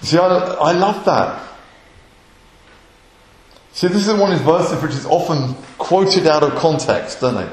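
A man's voice: fairly high pitch, animated, measured pace, long pauses. A man preaching a sermon with impassioned delivery, rising to emphatic peaks. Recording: echoey room.

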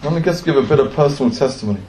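Earnest male preacher, sermon delivery, slightly high pitch, echoey room. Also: lively intonation, rapid-fire, a little mellow, a little hiss or hum. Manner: earnest, with rhetorical questions.

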